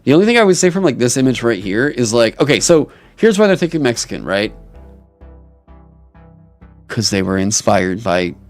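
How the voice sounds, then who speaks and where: A young man streaming casually, reading chat aloud and reacting with animated, swear-filled mock outrage. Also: mid-range voice, normal speed, long pauses, faint music behind.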